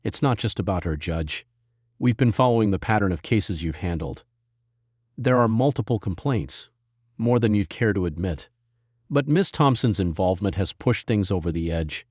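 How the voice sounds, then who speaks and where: A man voicing a cold, stern federal agent who speaks in a measured, authoritative way. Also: fairly low pitch, lively intonation, a little mellow, slightly rough, dry recording, clean studio sound.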